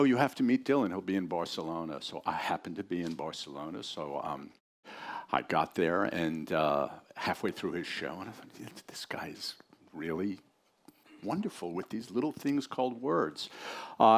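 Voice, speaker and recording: A low-voiced man introduces a friend, then reads the friend's story aloud to a live audience in a relaxed, conversational, dry manner.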